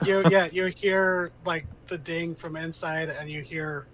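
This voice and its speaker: A man's voice: on the high side, fairly even intonation, a little slow, fairly bright tone, poor audio. A man narrating as game master of a tabletop role-playing game, rambling and loose, with plenty of fillers.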